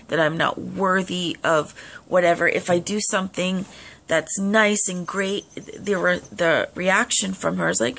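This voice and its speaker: A young woman speaks casually to her camera, giving earnest advice with plenty of "um" fillers. Her voice sits fairly low, with a gravelly fry running through it. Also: fairly bright tone. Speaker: vlogger.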